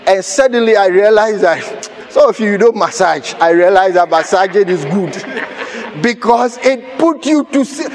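A man preaching a sermon in a church, telling a personal story with laughter and sudden shouts. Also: sits high, normal speed. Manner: animated, laughing, bursts of shouting. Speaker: pastor.

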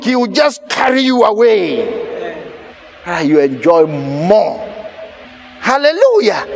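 High-voiced pastor preaching animatedly. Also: male voice. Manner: animated, laughing, bursts of shouting. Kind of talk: sermon with personal storytelling.

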